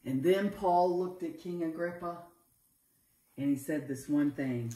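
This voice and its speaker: A woman's voice: sits low, a little slow, dark tone. A woman teaching children a Bible story, telling it emphatically and repeating the key phrases. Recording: roomy echo, mic far off.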